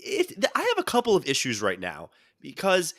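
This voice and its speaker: A man co-hosting a casual podcast, telling stories in an animated way and slipping into quoted voices. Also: fairly high pitch, fairly quick, dry recording, studio quality. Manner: animated storyteller who jumps into quoted voices. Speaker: podcast co-host.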